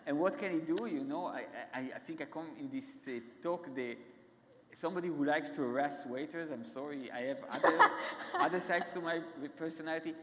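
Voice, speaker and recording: A man with an Israeli accent, a guest author telling stories on stage in a halting, self-interrupting way. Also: fairly high pitch. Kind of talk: onstage conversation, anecdotal storytelling. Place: large event hall. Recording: echoey hall.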